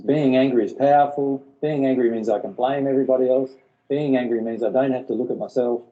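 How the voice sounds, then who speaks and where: A man's voice: mid-range voice, fairly even intonation, quick pace, muffled recording. A man leading a spiritual workshop, explaining earnestly and often repeating his words. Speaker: workshop teacher.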